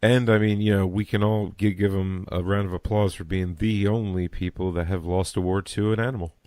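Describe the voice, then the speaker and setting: An American man hosting a podcast, chatting casually with quick stammering restarts and casual swearing. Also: low voice, fairly even intonation, darkish tone, no echo. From United States. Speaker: podcast host. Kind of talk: casual chat.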